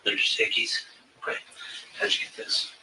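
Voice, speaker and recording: A man investigating a case, questioning a witness in a recorded interview with steady, probing questions. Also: normal speed. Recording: distant mic with faint hiss.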